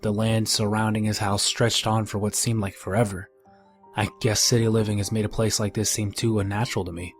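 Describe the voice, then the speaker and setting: A man reading a first-person horror story in a measured, grim storytelling manner. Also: on the low side, level tone. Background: faint music.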